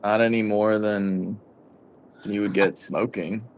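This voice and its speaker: A man with a low, gravelly voice drawling through casual chat. He speaks very slowly and dryly, with faint background noise. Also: fairly even intonation. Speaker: stream guest.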